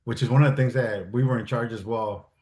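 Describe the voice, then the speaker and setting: A man's voice: mid-range voice, steady tone, brisk, a little mellow. A man in casual interview chat, telling stories animatedly, acting out quoted dialogue and swearing freely. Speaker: guest, military advisor and stuntman. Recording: roomy echo.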